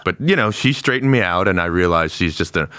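A man's voice: sits low, fairly quick, no room sound, clean studio sound. A man playing a tabletop role-playing game, talking in character with swearing, brash bravado. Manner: lively, swears, pushy ex-FBI bravado in character. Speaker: player.

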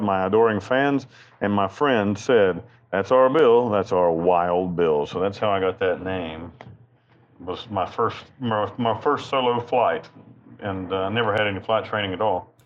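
A man's voice: on the low side, lo-fi sound. A man from Western North Carolina, an interview guest telling stories in a rambling, blunt, profane and self-mocking way. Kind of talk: candid storytelling interview.

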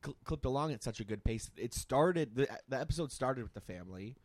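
A man's voice: mid-range voice, lively intonation, brisk, darkish tone, no room sound. A man hosting a casual podcast chat, rambling and joking with many restarts. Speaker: podcast host.

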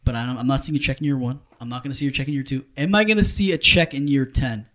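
A man's voice: medium pitch, rapid-fire. A man with a New Jersey accent, a family retail business leader, chatting casually and playfully skeptical about investing. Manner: animated, playfully skeptical, talks over others. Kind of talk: casual chat.

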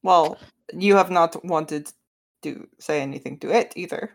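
A woman voicing a stern, formal woman spear warrior in a tabletop game, speaking in a measured way without contractions. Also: low voice, creaky. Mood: calm prodding.

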